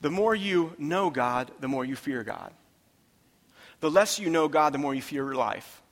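A man preaching a sermon as pastor, impassioned, swinging from hushed tones to loud emphatic repetition. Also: medium pitch, fairly even intonation, a little slow. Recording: long reverb of a large hall.

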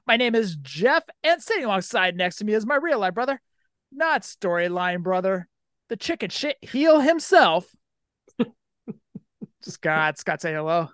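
A man's voice: high-pitched, sing-song, measured pace, fairly bright tone, no room sound, studio quality. A man hosting a podcast with his brother, laughing often and teasing in casual banter. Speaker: podcast host.

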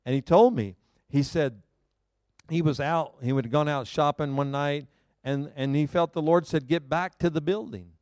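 Male pastor, lively self-mocking storyteller; smooth, fairly high voice, dry close sound. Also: moderate pace, no echo. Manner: animated, self-mocking storyteller who laughs often. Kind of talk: sermon with personal storytelling. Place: church service before a live congregation.

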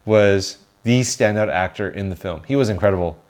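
Podcast co-host, male, low voice, casual and opinionated, quick with a joke. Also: darkish tone. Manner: opinionated, joking, with some restarts. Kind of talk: casual film review chat.

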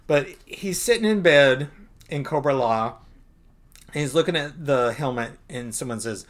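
Man, podcast co-host, easygoing chatty recap with laughs, mid-pitched voice. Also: animated, normal speed. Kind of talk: casual comic book discussion.

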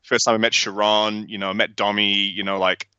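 A man's voice: lowish voice, a little fast, clear, resonant tone, dry recording, dull audio. A young Australian man telling rambling, sweary stories in a casual podcast interview. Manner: rambling, sweary, animated storytelling. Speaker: guest.

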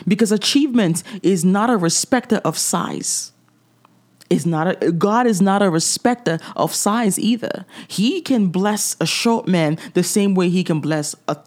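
A woman's voice: medium pitch, darkish tone. A middle-aged woman hosting a faith-based podcast, talking in a direct, preachy way with chuckling asides. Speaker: podcast host.

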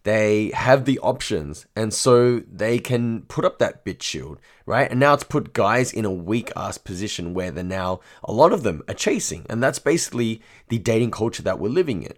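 A man's voice: lowish voice, animated, moderate pace, hardly any pauses. A young man, a dating coach, talking bluntly and profanely to his audience, often tagging lines with "right?". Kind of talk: monologue to camera.

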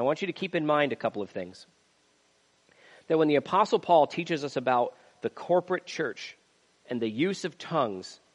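A man's voice: mid-range voice, long reverb tail. A man preaching a sermon, reading scripture aloud and building emphasis as he goes. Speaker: pastor.

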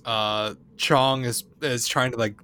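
A man's voice: medium pitch, fairly even intonation, slow pace, sharp tone, smooth, no room sound. A man in a casual movie podcast who rambles with lots of filler words while recapping scenes. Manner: rambling, many fillers, acts out lines from scenes. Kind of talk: casual movie-discussion chat.

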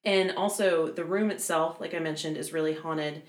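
Chatty woman with a lowish voice. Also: steady tone, normal speed, echoey room. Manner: chatty, many fillers, laughs easily. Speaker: podcast host telling a haunted history. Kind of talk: casual chat storytelling.

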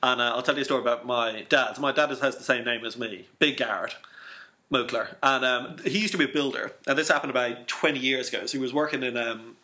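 A man telling a story in casual, animated chat, often laughing and swearing. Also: medium pitch, fast talker. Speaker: podcast co-host telling a story.

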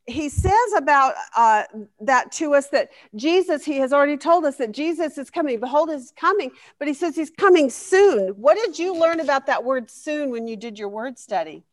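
A woman leading a Bible study lesson, asking the class questions and reacting with enthusiasm. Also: sits high.

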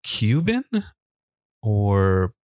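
Male podcast co-host, low and dry, rambling and easygoing. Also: sing-song, darkish tone, no echo. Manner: easygoing, rambling with fillers, quick laughs. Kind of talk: casual chat and wrestling recap.

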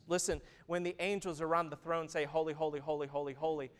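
A man in his thirties preaching a sermon, who moves from loud, emphatic stretches to hushed, intimate ones. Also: a little high, little pitch movement, fast, hardly any pauses, clean tone. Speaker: pastor.

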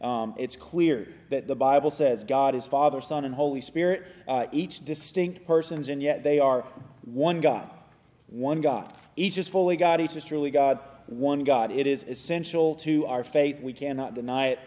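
A man co-teaching a church class, explaining doctrine in an earnest, measured way. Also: mid-range voice, mellow. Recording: reverberant hall.

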